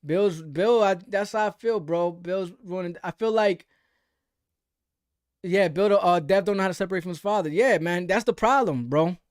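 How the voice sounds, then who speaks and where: A young American man hosts a live stream, reading viewer comments and chatting loosely about boxing with lots of slang and a repeated "you know what I'm saying." His voice is high and his pace moderate, recorded with studio quality and no room sound.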